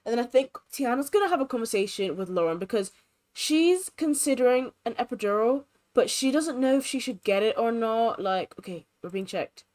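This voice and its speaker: A woman's voice: on the high side, animated, fairly quick, darkish tone. A woman hosting a gaming channel, giving bubbly, chatty commentary while she plays and filling her talk with "like". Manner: bubbly, lots of fillers like "like".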